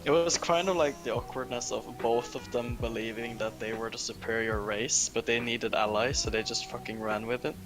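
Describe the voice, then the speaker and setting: Man on a call, mid pitch, joking and offhand, music under the talk. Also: steady tone, moderate pace, hardly any pauses. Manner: joking, offhand, swears casually. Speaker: stream guest. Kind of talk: casual chat on a voice call.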